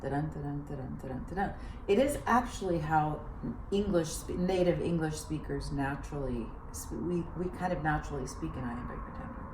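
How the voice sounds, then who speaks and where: A woman, an actor and director, explaining things in an animated, teacherly way in a casual chat, recorded in an echoey room from a distance with noise behind her. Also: deep voice, fairly quick, few pauses.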